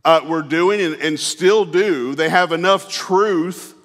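A man delivers a sermon in a church, his voice sitting a little high for a man. He talks in a folksy, easygoing way, full of "uh"s and restarts. The sound rings out with the long reverb of a large hall. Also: fairly bright tone. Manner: folksy, unhurried, with frequent fillers and restarts. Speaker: pastor. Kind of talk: conversational sermon with personal storytelling. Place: church sanctuary.

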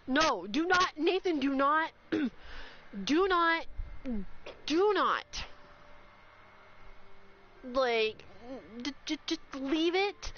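A woman streamer, talking to her live chat in an excited, overwhelmed rush of exclamations. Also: high voice, a little slow, pauses often. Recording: slightly dull sound with faint noise.

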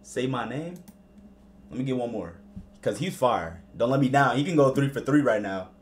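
A young man streaming live as he reacts to rap songs, excitable and slangy, repeating himself. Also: medium pitch, moderate pace, over music.

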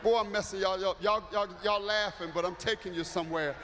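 High bright-voiced preacher in a hall. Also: male voice, a little fast, slight background noise. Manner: animated, acts out voices, builds to shouting. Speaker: bishop preaching. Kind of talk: storytelling sermon. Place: large church sanctuary. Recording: echoey church hall, faint ambience.

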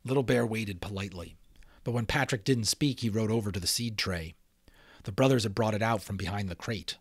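A man giving a dramatic reading of a children's novel, expressive and adding casual asides. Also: fairly low pitch, fairly quick, slightly rough, no echo. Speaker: audiobook reader.

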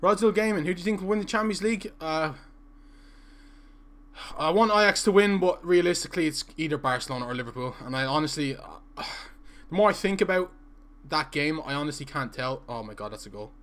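A young man, his voice a touch on the high side, talks loosely through a live gaming stream. He jokes and reads out viewer messages as he goes. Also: fairly quick, fairly bright tone. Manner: chatty and joking, reading out viewer messages.

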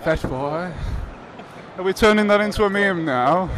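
A man hosting a live podcast, bantering and introducing guests in a brisk, announcer-like way at a convention hall. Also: high voice, background noise. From Lancashire. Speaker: podcast host.

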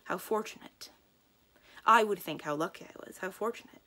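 A woman reading a storybook aloud, voicing a gaunt, stern old governess with a deep, gruff, dry deadpan manner. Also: moderate pace.

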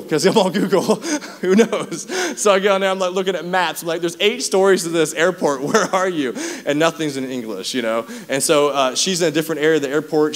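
A man's voice: on the high side, long reverb tail. A man preaching a sermon as pastor, telling stories casually and laughing often. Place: church auditorium.

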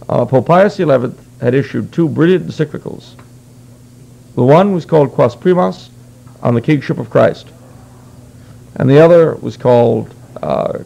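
Man, mid-pitched, very gravelly, conversational lecturer with dry wit. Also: dark tone, poor audio. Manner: wry asides among earnest explaining. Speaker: guest speaker.

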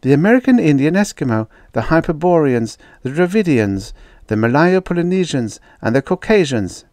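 A man voicing a frustrated, sharp-tongued woman linguist, lifting his voice high and snapping out her lines. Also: big pitch swings, moderate pace, no room sound. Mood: pressing. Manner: raised, snappish.

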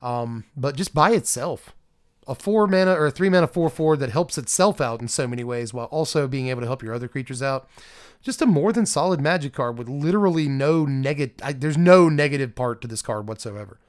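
A man's voice: medium pitch, expressive, a little fast. A man with a strained voice hosting a card game channel, reading card text aloud and rating each card in a chatty, self-deprecating way. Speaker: card game channel host reviewing a set. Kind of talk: casual solo review talk.

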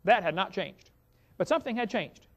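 A male evangelist preaches to an audience, spinning a folksy story and addressing the listeners directly. His voice sits high and is very animated at a moderate pace. The recording is dull and lo-fi.

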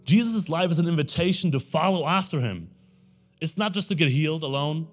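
A pastor giving a sermon in a relaxed, conversational way, now and then acting out the voices of people in the story. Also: male voice, on the high side, a little fast, faint music behind. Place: church sanctuary.

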